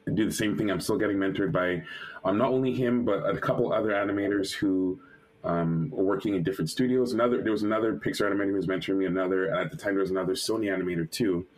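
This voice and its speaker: A male animator, a guest in an interview, telling a personal story lively and acting out the quotes, with many restarts and fillers. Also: sits low, very fast, poor audio. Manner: lively retelling that acts out quotes.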